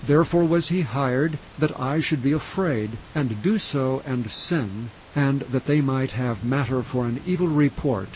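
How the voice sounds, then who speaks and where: A man reading scripture aloud in a slow, even, measured way, calm enough for sleep. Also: medium pitch, highs cut off, slight background noise. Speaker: scripture reader. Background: faint rain sound.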